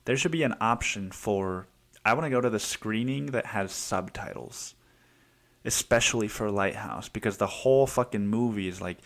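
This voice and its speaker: A man's voice: on the low side, normal speed. A man hosting a solo podcast, talking in a rambling, profane, self-interrupting way. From United States. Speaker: podcast host. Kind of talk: casual solo podcast monologue.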